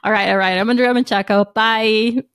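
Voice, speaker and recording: A woman's voice: fairly high pitch, brisk. A young adult woman, a comedian co-hosting a podcast, chatting casually and telling stories with frequent laughter. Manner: animated, laughs often while telling stories. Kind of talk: casual chat.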